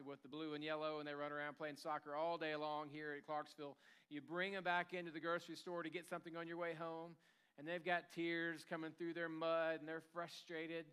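A man's voice: fairly high pitch, fairly bright tone, smooth. A pastor giving a sermon in a casual storytelling way, acting out the lines of the people in his stories. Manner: conversational storytelling, acting out quotes. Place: church.

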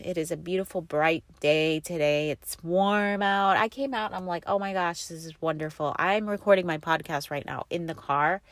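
A middle-aged woman with a low voice chats her way through a casual podcast episode. She rambles cheerfully from one story to the next, leaning on "like" as she goes. She records from inside a parked car, and the sound is close and dry. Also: no room sound. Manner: rambling, upbeat storytelling with many "like" fillers. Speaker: podcast host. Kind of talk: casual chatty podcast monologue.

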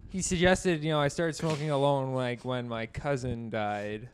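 A man's voice: medium pitch, steady tone, unhurried, slight background noise. A man co-hosting a comedy podcast, rambling through a story full of fillers. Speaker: podcast co-host.

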